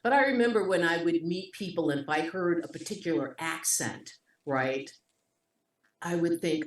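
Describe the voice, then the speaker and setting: A woman with a New York accent tells stories as a video call guest. Her voice sits low, but it leaps up when she gets animated. She sounds set back from the mic in an echoey room. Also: moderate pace, far from the mic. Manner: lively, expressive, voice jumps up in animated moments. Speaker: actor, interview guest. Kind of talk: conversational storytelling.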